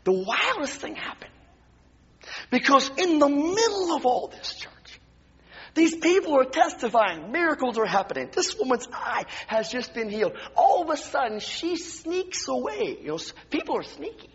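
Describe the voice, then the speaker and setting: High-pitched preacher man, husky voice, echoing hall. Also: very animated, moderate pace. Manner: dramatic, swings from hushed whispers to loud exclamations. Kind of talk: sermon with storytelling. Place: church sanctuary. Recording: dull lo-fi recording with long hall reverb.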